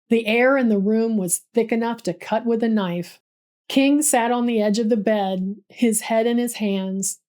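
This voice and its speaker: A woman with a fairly high voice narrates a history story from a script. She builds tension with a vivid, dramatic storytelling manner. Her delivery stays steady and polished.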